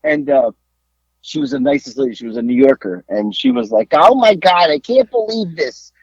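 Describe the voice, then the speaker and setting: A man co-hosting a podcast, telling a story in a casual, animated way and acting out the people he talked to on the phone. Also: on the high side, brisk, vocal fry, breathy edge, no echo. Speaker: podcast co-host. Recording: dull lo-fi dry sound.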